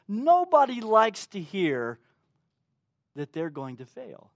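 Lively, high-voiced male preacher. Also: no room sound, studio quality. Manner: animated, acts out quotes, asks the congregation questions. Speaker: pastor. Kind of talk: sermon.

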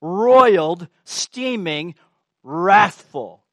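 A man's voice: high voice, lively intonation, extremely slow, sharp tone, dry recording. A man preaching a sermon, emphatic and asking the congregation rhetorical questions.

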